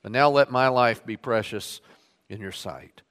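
Male pastor, mid-pitched, sermon reading with emphatic quotes; church hall reverb. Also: unhurried, fairly bright tone, smooth. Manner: reads scripture aloud with rising emphasis on quoted lines. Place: church sanctuary.

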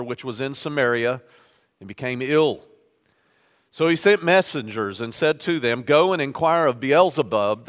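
Male pastor, mid-pitched, sermon reading with emphatic quotes; church hall reverb. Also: fairly bright tone. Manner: reads scripture aloud with rising emphasis on quoted lines. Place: church sanctuary.

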